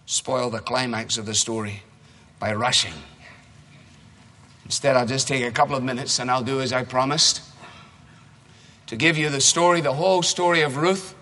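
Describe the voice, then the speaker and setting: A man's voice: mid-range voice, sharp tone. A male preacher giving a sermon and reading a rhyming children's story aloud with playful rhythm. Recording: echoey hall reverb.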